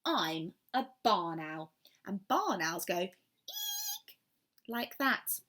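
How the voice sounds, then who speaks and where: A small, fluffy young barn owl boy, timid but quick to take offence, as a woman puts him on. He speaks slowly and brightly, with a pitch that leaps up and down. It sounds like a storybook read aloud to children. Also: huge pitch swings, exaggerated voice. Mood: cross. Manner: earnest, quickly huffy.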